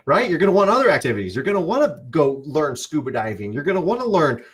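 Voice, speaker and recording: A man's voice: on the high side, quick pace. Chatty man coaching on a live stream. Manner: animated, repeats and restarts, asks "right?". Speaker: online business coach. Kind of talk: casual live-stream talk.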